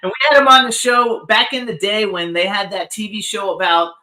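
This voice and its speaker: A man's voice: high-pitched, fairly even intonation, a little fast, pushed and bright. A man hosting a radio chat show, chatting casually and jumping in with remarks. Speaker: host.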